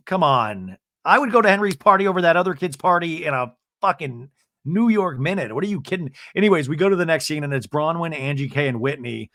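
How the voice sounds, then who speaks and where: A man hosting a podcast, recapping a reality TV episode in a gossipy, animated, casual chat full of fillers. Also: a little high, a little fast, no room sound, studio quality. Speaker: podcast host.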